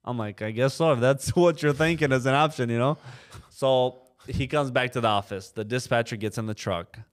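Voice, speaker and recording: Animated storytelling man, lots of "you know". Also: mid-range voice, moderate pace. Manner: animated storyteller, acts out quoted voices, many fillers like "you know". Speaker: trucking company co-owner, podcast guest. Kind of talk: casual storytelling in a podcast interview.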